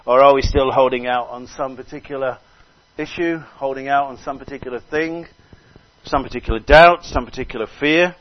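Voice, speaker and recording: An older man preaching a sermon with fervour, repeating phrases and crying out hallelujah between soft asides. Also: mid-range voice, moderate pace. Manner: fervent, swings between loud exclamations and soft asides. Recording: dull lo-fi recording.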